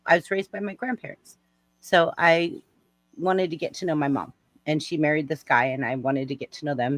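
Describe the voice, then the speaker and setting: A woman's voice: sits low, no room sound. A woman telling a personal story on a casual livestream, acting out the voices and shrieking and laughing at the big moments. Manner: animated, acts out voices, shrieks and laughs while telling stories.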